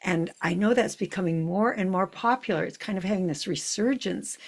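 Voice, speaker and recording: A woman's voice: mid-range voice, brisk. An older woman hosting a casual interview show, upbeat and encouraging toward her guest. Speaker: podcast host.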